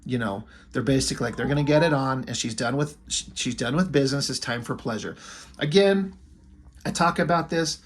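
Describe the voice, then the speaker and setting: A man's voice: mid-range voice, fairly quick. A man who reviews comics and draws, retelling a story in a rambling, casual way full of fillers. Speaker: comic book reviewer and artist.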